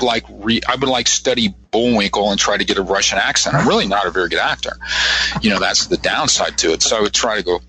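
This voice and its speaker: A husky-voiced man in his fifties tells stories as a guest on a radio talk show. His tone is bright and his pitch moves a lot. He rambles from one anecdote to the next and acts out the other people's lines. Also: low-quality recording. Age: 50s. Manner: animated, rambling anecdotes with acted-out quotes. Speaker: guest psychic. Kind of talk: casual radio interview storytelling.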